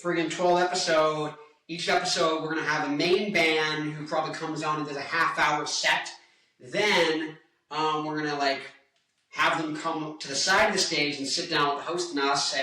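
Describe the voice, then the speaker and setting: A man's voice: on the high side, fairly even intonation, brisk, pushed and bright. A man in his twenties, a rock musician, rambling and joking on tangents in a casual vlog. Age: 20s. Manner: hyper, joking, goes off on tangents. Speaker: rock guitarist and singer. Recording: echoey room, mic at a distance.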